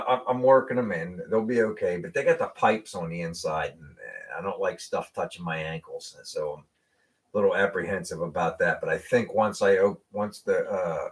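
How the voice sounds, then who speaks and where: Laid-back man from Western Pennsylvania. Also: low voice. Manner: relaxed, laughs often, repeats words when starting. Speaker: host of a car hobby live show. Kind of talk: casual chat.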